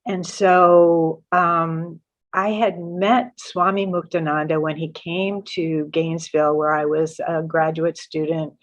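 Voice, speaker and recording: Woman guest with a lowish voice; earnest, halting, self-correcting storyteller; dull lo-fi recording. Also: flat delivery. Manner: earnest, halting with many restarts. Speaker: guest author. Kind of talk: personal spiritual storytelling. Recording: muffled lo-fi audio.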